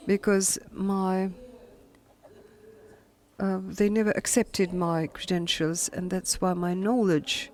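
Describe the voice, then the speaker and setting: A woman's voice: mid-range voice, a little mellow. German-accented woman historian giving a lecture. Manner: halting, with many filler pauses. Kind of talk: lecture read from a prepared text.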